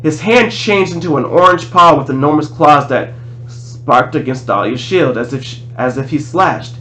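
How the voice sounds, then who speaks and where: A man reading a novel aloud in a plain, steady voice, restarting a few words now and then. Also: on the high side, moderate pace, a little hiss or hum, poor audio. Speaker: audiobook reader.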